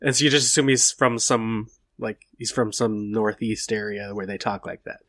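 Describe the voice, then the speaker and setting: A man's voice: on the low side, steady tone, moderate pace, fairly bright tone, no echo, clean studio sound. A man from the United States hosting a casual podcast, making brief, matter-of-fact remarks. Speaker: podcast host.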